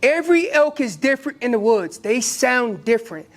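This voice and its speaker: A man with an American accent teaching an elk calling seminar, lively and acting out what the elk would say. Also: very high-pitched, moderate pace. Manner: animated, acts out elk calls and voices. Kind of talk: hunting seminar talk.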